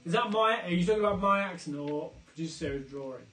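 Quiz host man, upbeat and tangent-prone, slightly high voice, echoey room, faint music. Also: expressive, quick pace, a bit bright. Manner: chatty, jokey, goes off on tangents. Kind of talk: live online pub quiz hosting.

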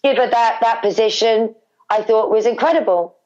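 A fairly high-voiced, middle-aged Englishwoman speaks at normal speed over dull audio, recounting an emotional family story as a guest in an interview. Animated, she repeats words and voices what her relatives said.

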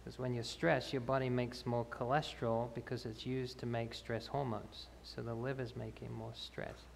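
Gravelly man answering questions in a hall. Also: medium pitch, little pitch movement, moderate pace, slight background noise. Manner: explanatory, with many fillers and restarts. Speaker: health speaker. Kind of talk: Q&A after a health talk. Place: church hall. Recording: reverberant church hall, faint ambience.

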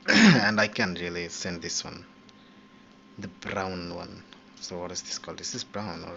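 Man, deep slow voice, casual gameplay commentary, excitable and profane, dull lo-fi mic with background noise. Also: gravelly. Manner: excitable, swears often at the game. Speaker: gaming channel host.

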